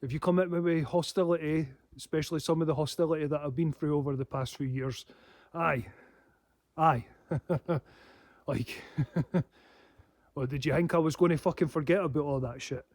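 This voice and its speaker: Male vlogger, higher-pitched voice, dry close sound, rambling and swearing. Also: fairly even intonation, normal speed, darkish tone, no room sound. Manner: heavy swearing, laughing to himself. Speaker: paranormal channel host. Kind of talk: casual rambling monologue.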